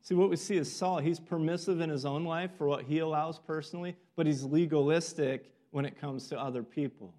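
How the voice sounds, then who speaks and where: A man's voice: fairly high pitch, steady tone, brisk, few pauses, warm tone. A man preaching a sermon earnestly, acting out the voices of people in a story. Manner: earnest, acts out quoted voices.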